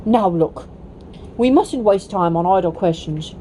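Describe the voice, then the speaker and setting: A woman's voice: on the low side, expressive, a little slow, warm tone, slight background noise, poor audio. A woman voicing a proud, scornful male talking war horse in a storybook read-aloud, with bossy, clipped speech. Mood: brisk, bossy.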